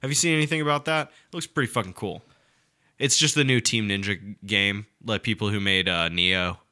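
A man's voice: lowish voice, a little fast, bright, forceful tone. A young man co-hosting a casual podcast, telling rambling, profane stories and laughing through them. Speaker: podcast co-host.

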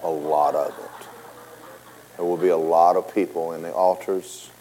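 A man preaching a sermon as a pastor, with an animated, joking way of talking. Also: low voice, a little slow, a little hiss or hum, poor audio.

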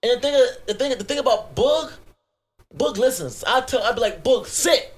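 A young man with a Virginia accent and a high-pitched voice co-hosts a crude comedy podcast. He tells his stories in a loud, profane, animated rant, breaking into sudden angry outbursts. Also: normal speed. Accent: US Southern, Virginia. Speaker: podcast co-host.

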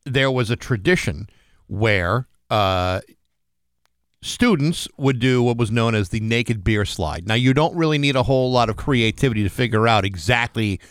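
A man's voice: medium pitch, animated, normal speed, smooth, no room sound, studio quality. Chatty male morning radio host. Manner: loose, chatty, filler-heavy storytelling. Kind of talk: radio banter and news reading.

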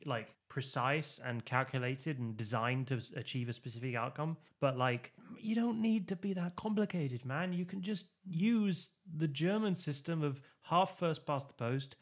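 A man co-hosting a chatty politics podcast, speaking at a middle pitch. He explains at length, circling back with fillers and false starts. The talk stays casual and unscripted. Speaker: podcast co-host.

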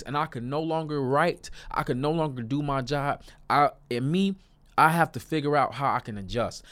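A man's voice: fairly high pitch, a bit bright. A young man giving a motivational self-help talk to camera, earnest and repetitive, sometimes rising to emphatic outbursts. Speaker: self-help video creator.

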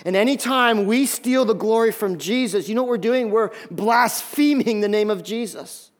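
A male pastor delivers a sermon in an animated, high-pitched voice. He often doubles up his words as he pushes a point home. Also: normal speed. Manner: animated, repeats words when building emphasis.

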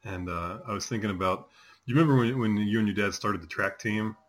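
A man's voice: fairly low pitch, brisk. A man in his forties chatting casually as a host, telling rambling stories with many fillers. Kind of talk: casual chat.

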